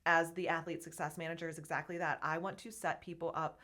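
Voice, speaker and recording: Femme bavarde au timbre très clair. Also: female voice, low voice, level tone, fast talker, bright, forceful tone. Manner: chatty, candid, laughs often. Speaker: podcast guest, gym co-owner. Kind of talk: casual interview chat.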